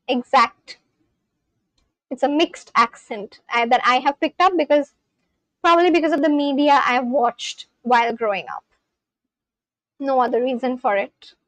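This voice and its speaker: Young indian woman streamer, high bright voice, dry close sound, answers chat casually. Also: no echo, low-quality recording. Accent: Indian English. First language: Marathi. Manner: chatty, reads out and answers chat comments; frequent ums and likes. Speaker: livestreamer.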